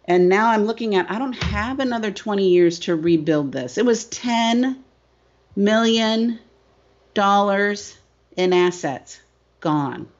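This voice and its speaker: A woman's voice: mid-range voice, lively intonation, slow pace. A middle-aged woman business coach telling her story emphatically in an interview, often asking "right?". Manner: emphatic, repeats phrases, asks "right?" often. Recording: dull lo-fi sound.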